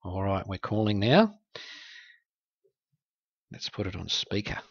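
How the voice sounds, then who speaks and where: Low-voiced man explaining a scam. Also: sing-song, takes it slowly, gravelly, no echo, highs cut off. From Australia. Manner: wry, conversational, explanatory. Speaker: host exposing scam websites. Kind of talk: screen-recorded walkthrough.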